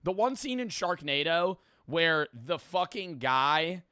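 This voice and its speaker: Lively young man reacting to clips. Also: on the high side, slow, clear, resonant tone, no room sound, clean studio sound. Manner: animated, swearing, laughing. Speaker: YouTube host. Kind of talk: casual reaction commentary.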